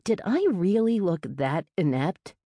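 A woman's voice: on the low side, animated, unhurried, dark tone, no room sound. A woman reading a first-person urban fantasy audiobook in a wry, sardonic way. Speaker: audiobook narrator. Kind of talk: first-person fiction narration.

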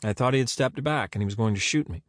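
A man's voice: mid-range voice, fast, no room sound, natural voice. A man voicing a dry, sarcastic woman who is being questioned again, giving curt answers. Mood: wry. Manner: sardonic, curt replies.

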